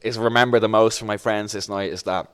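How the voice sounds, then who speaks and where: A man's voice: lowish voice, fast talker, smooth. Young dublin guy telling a wild story on a podcast, acts out all the voices. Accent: Irish, Dublin. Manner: animated, acts out voices in his anecdote. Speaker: podcast guest. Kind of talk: casual storytelling.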